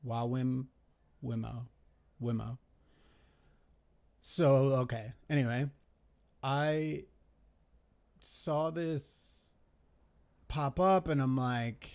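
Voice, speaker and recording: A man's voice: medium pitch, slow pace, vocal fry, pauses often, a little mellow. A young man talking through his trades in a casual, rambling recap, swearing often and criticizing himself as he thinks aloud.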